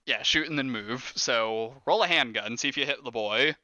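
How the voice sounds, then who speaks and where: Game master type, man, bright forceful voice, dry close mic, casual and rules-minded. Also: medium pitch, normal speed, dry recording. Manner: rule-explaining, laughing often. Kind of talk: running a tabletop horror game, casual.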